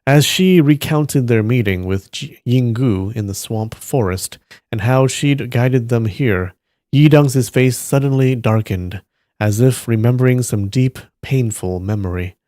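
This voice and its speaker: A man on a live stream reading a novel aloud at a steady pace, stopping now and then to react to the story. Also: mid-range voice, measured pace, no echo, clean studio sound.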